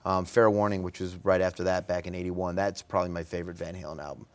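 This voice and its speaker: Male guest, very low voice, easygoing storyteller with lots of ums. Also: quick pace. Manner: relaxed, filler-heavy storytelling. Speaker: guest, music fan. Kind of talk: casual interview chat.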